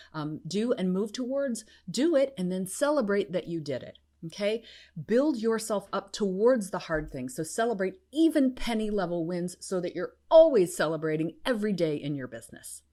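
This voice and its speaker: A middle-aged woman hosting a business-coaching podcast solo, bubbly and encouraging, breaking into high cheers. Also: warm tone. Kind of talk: enthusiastic solo podcast talk.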